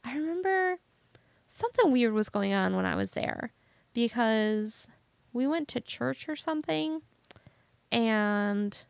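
A woman's voice: a little high, gravelly, no echo. A young woman co-hosting a podcast, telling a story in a hesitant, rambling way. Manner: rambling, hesitant, many "like" fillers. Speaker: podcast co-host. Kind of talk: casual chat.

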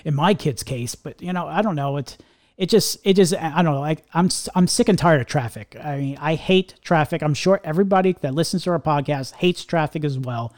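A man's voice: fairly high pitch, fairly quick, darkish tone. A middle-aged man co-hosting a podcast, ranting casually and rambling with lots of restarts. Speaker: podcast co-host.

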